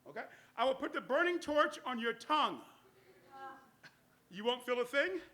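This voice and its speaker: A man's voice: extremely high pitch, lively intonation, normal speed, sharp tone, reverberant. A man performing as a stage magician, talking volunteers through a trick step by step with coaxing commands and jokes, at a live venue. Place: live cafe stage with audience.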